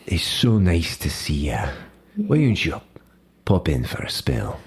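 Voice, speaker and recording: A threatening Scottish gangster boss, as a man puts him on for a tabletop game. The voice sits very low and deep, with a put-on Scottish accent. He talks softly and dangerously, sinking to whispers to make his threats land. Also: huge pitch swings, measured pace, slightly rough, heavily acted. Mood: menacing. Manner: softly menacing, drops into whispers. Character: menacing male Scottish crime boss, smooth and threatening. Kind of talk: tabletop role-play character voice.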